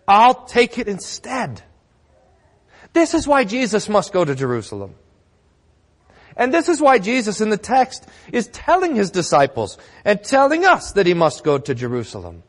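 A man pastor preaching a sermon with emphatic, slowly stressed phrases. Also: sits high. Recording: church hall reverb.

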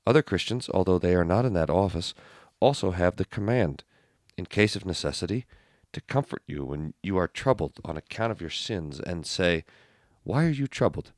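A man reading aloud an old sermon text in a measured, earnest way. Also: low-pitched, no echo, clean studio sound. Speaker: reader.

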